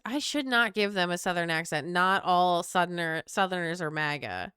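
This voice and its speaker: A woman's voice: on the low side, normal speed, hardly any pauses, pushed and bright, clean tone, dry recording, clean studio sound. A young woman streamer chatting casually with chatty, self-mocking asides. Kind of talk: casual live-stream chat.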